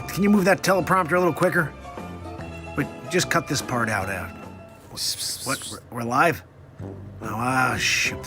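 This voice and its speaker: A bumbling elderly president gives a rambling, meandering speech, as a man puts him on for comedy. The pitch swings in a lively way and the talk wanders off track. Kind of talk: satirical comedy impression.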